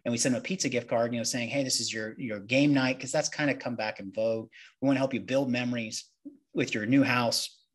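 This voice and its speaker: Husky-voiced man talking business. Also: mid-range voice, fairly even intonation, fast. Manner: candid, conversational, acts out client dialogue. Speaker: mortgage loan originator, guest. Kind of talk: podcast interview answer.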